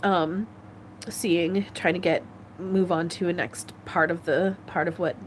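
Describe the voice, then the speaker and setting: A woman psychic medium giving a live-stream channeling reading, gentle and earnest, halting as she searches aloud for words. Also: lowish voice, fairly even intonation, a little hiss or hum.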